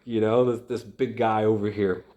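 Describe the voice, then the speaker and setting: Rambling man, lowish voice. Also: level tone, dark tone. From Atlanta, United States. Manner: rambling, halting, many restarts. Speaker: volunteer fighter recounting experience. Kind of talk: casual storytelling.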